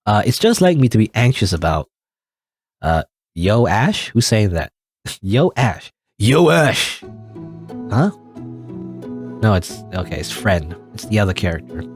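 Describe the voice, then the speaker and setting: A man's voice: on the low side, big pitch swings, unhurried, long pauses, a little mellow, breathy edge, faint music behind. Rambling, giggly young gamer guy. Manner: rambling, self-deprecating, giggly. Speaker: let's play gamer. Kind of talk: casual gameplay commentary.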